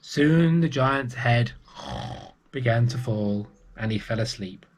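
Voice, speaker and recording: A man reading a picture book aloud to young children, gentle and unhurried. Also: medium pitch. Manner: gentle and unhurried, with small restarts.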